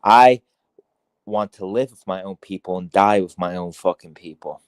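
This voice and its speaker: A low-pitched Irish man in casual podcast chat. He rambles and swears freely, stumbling through restarts and "uh"s. The sound is close and dry. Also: smooth, no echo. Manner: rambling, heavy swearing, halting restarts and fillers. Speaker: podcast guest.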